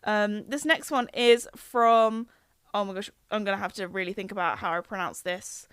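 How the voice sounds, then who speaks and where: A woman's voice: mid-range voice, fairly even intonation, moderate pace, fairly bright tone, smooth, no echo, clean studio sound. A young woman hosting a podcast, chatting casually and giggling as she reads out listener comments. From England. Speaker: podcast host. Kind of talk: casual chat reading comments.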